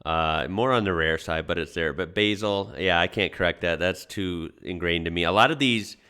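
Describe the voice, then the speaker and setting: Deep-voiced bright Midwestern man. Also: normal speed, smooth. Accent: mild Chicago. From American Midwest. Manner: chatty, musing, lots of uh and restarts. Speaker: reaction channel host. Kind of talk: casual reaction commentary.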